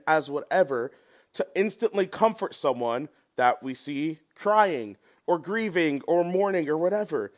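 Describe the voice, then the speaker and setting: A young man preaching a sermon in an earnest, conversational way, with a prayer and casual asides to the people around him. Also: on the high side.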